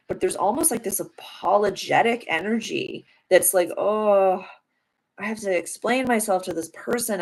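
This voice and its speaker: A young adult woman with a mid-range voice hosts a live stream and gives a casual tarot reading, chatty and affirming, full of spiritual language and plenty of "like" fillers. The audio quality is poor.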